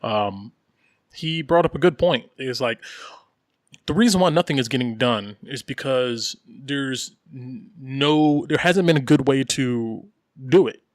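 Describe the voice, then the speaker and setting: A man's voice: mid-range voice, unhurried, dry recording, clean studio sound. A man co-hosting a podcast in casual chat, rambling with lots of fillers and repeats and laughing as he talks. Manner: animated, laughs while talking. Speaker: podcast co-host.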